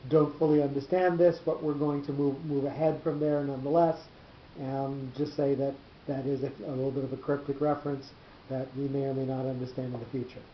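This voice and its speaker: A man teaching a small class, explaining a text in a measured, halting way and often repeating words as he thinks. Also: mid-range voice, flat delivery. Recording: roomy, dull lo-fi class recording with faint noise.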